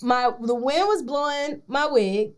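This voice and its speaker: A woman's voice: high-pitched, unhurried. A woman in her thirties, co-hosting a podcast in casual chat, telling stories with lots of laughter and swearing. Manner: animated storytelling, laughing often, swears. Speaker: podcast co-host.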